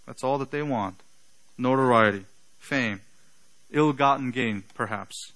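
A man preaching a sermon, building to loud emphatic peaks and trailing off quietly at the ends of phrases. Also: medium pitch, a little slow, pauses often, poor audio.

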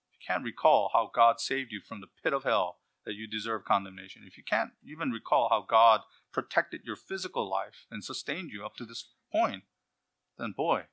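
A male preacher delivers an expository sermon in a bright, forceful voice. He reads scripture aloud and then explains it. He slows down to press home key words. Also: medium pitch.

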